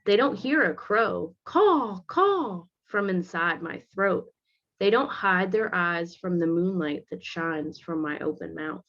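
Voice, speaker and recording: A woman teacher reading a picture book aloud to children, stopping gently to explain the pictures. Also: fairly low pitch, a little slow. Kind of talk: read-aloud with commentary for children. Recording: dull lo-fi recording.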